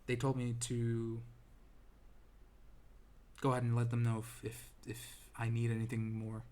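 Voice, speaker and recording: This young man's delivery is completely flat, his medium-pitched voice dark in tone and a touch slow. Sitting indoors, he rambles through a self-deprecating personal story for his vlog, restarting often and filling gaps with ums.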